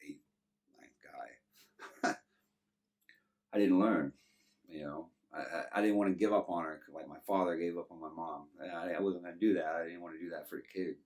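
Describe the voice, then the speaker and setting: Deep-voiced Texan man telling his story. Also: darkish tone, distant mic. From Texas. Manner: loose and rambling, many "you know" fillers. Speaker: guest. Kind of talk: casual life-story telling.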